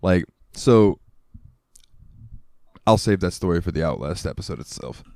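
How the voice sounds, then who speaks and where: A lower-pitched man telling stories on a podcast, his voice swinging through a wide, animated range. He laughs often and slips into the voices of the people he describes. The sound is close and dry, with almost no room echo. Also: unhurried, creaky. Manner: animated storyteller who laughs often and acts out quoted people. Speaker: podcast co-host. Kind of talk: casual podcast chat.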